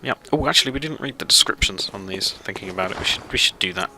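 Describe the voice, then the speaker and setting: A man's voice: on the low side, lively intonation, fast, over music, poor audio. A man hosting a let's play, rambling through casual gameplay commentary with lots of fillers and self-deprecating asides.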